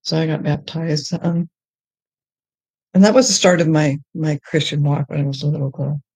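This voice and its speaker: Low-voiced woman telling her testimony. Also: slightly rough, no echo. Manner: halting, with many restarts and fillers; grows high and excited when telling of joy. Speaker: guest sharing her testimony. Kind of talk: personal testimony in conversation.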